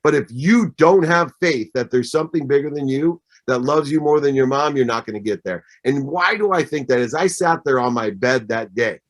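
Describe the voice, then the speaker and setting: A man in his fifties giving a motivational talk as guest speaker, emphatic and repeating his points in threes. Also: mid-range voice. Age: 50s. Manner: emphatic, repeats phrases in triplets. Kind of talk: motivational speech.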